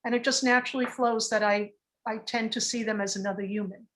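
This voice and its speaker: A woman's voice: a little high, fairly even intonation, brisk, fairly bright tone. A woman teaching meditation in a casual online workshop, talking in a chatty, rambling way with many restarts, over a video call.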